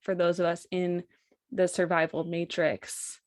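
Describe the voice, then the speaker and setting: A woman hosting a podcast, speaking in a soft, affirming and reflective way. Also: on the low side, little pitch movement, a little slow, no echo, clean studio sound. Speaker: podcast host. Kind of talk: casual podcast conversation.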